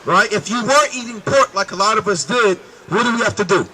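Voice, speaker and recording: Man, street preacher, very high voice, emphatic, calls everyone brother. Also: expressive, fairly quick, pushed and bright, slight background noise, low-quality recording.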